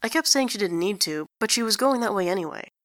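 A woman's voice: mid-range voice, expressive, quick pace, dry recording, studio quality, natural voice. A woman voicing an earnest young man who speaks with strained patience.

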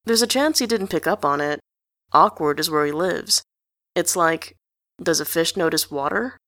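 A woman's voice: lowish voice, moderate pace, a bit bright, lightly acted. A woman voicing a wry, anxious teenage boy who deflects with sardonic remarks in a storybook reading.

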